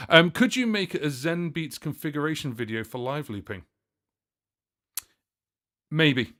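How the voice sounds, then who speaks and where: A man's voice: fairly high pitch, expressive, unhurried, long pauses, fairly bright tone. A man hosting a casual music livestream, chatting to viewers and answering their questions in a rambling way, with many fillers and self-corrections. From United Kingdom. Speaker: livestream host and looping musician.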